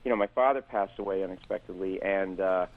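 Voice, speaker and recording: A man's voice: low-pitched, fairly quick, phone-quality sound. A middle-aged man, a comedian, telling a story on a podcast, acting out both sides of an argument and rambling with fillers and restarts. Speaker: comedian guest.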